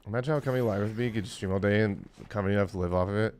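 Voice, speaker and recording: Tired guy in his 40s streaming, low voice, rambly, lots of "like"s. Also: rapid-fire, darkish tone, a little hiss or hum. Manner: rambling, many fillers, chuckling often. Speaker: game streamer. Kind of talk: casual gaming livestream chat.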